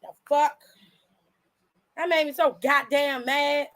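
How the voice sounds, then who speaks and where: A woman with a high, bright voice rants in a vlog. She is blunt and heated and curses constantly. She goes off in a fired-up, unfiltered reaction. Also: fairly even intonation, slow. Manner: heated, blunt, heavy cursing. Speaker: wrestling reaction vlogger. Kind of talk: profane reaction rant.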